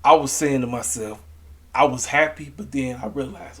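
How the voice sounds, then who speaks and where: A man talking straight to his camera about last night's wrestling show, loose and slangy. He leans hard on his points and swings his voice up when something gets to him. His pitch sits in an ordinary middle range. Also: a little fast. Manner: animated, slangy, emphatic. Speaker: wrestling review vlogger. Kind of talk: casual opinionated commentary to camera.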